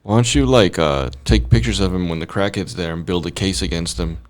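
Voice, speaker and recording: A man's voice: low voice, brisk. A man in a casual podcast chat who asks curious questions about the story.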